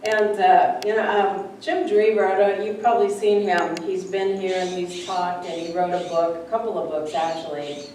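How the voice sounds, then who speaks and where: A woman's voice: fairly low pitch, little pitch movement, moderate pace, darkish tone. A woman minister giving a chatty, story-filled sermon, often acting out the voices of people in her stories. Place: church sanctuary. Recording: echoey room, distant mic, faint background noise.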